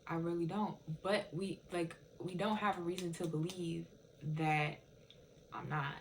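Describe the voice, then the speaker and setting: A woman's voice: on the low side, fairly even intonation, measured pace, slight background noise, poor audio. A woman telling a rambling, profane storytime rant in casual speech, full of fillers like "it's just like". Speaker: TikTok viewer telling a story.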